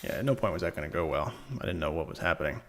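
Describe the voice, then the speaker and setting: A man's voice: a bass voice, racing, slight background noise. A Canadian man streaming a shooter game, talking through it casually and wryly, reading chat aloud. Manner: relaxed, chatty, wry, often laughing. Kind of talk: casual gameplay commentary.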